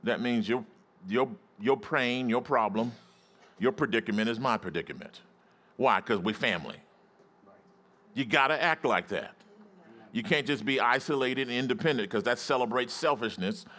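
A man preaching a sermon as pastor in a church, calling out to the congregation and rising into excited shouts. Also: medium pitch, normal speed. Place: church sanctuary.

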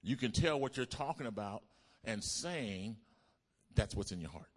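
A pastor preaching a sermon to his congregation, asking them to repeat lines back and building up to loud exclamations. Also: fairly low pitch, lively intonation, normal speed, breathy edge. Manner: call-and-response preaching, builds to shouts. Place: church.

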